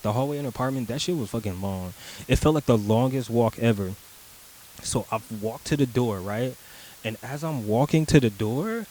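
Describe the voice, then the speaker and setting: Poor audio captures a young man whose medium-pitched voice is a little mellow. Telling a personal story, he rambles and swears freely, leans heavily on "like" and other filler words, and performs his own lines as he goes.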